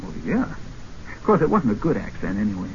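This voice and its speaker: An actor playing a confident, gallant adventurer who talks in a breezy, wisecracking way. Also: male voice, lowish voice, huge pitch swings, fairly quick. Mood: wry. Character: cocky, gallant American adventurer, male. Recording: muffled old film soundtrack, faint hiss.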